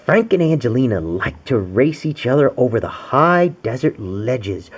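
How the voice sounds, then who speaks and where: A man's voice: medium pitch, big pitch swings, normal speed, few pauses, breathy edge. A man reading a picture book aloud to his young daughter, playful and sing-song, asking her questions as he goes. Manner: playful, sing-song, sprinkles in animal noises and questions to the child.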